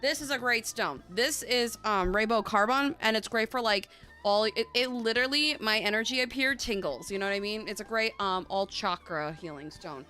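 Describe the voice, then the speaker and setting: A woman with a bright, forward voice hosts a tarot livestream in casual chat. She is bubbly and loose-tongued, with casual swearing throughout. Faint music plays behind her. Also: a little high, normal speed. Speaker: tarot reader and livestream host.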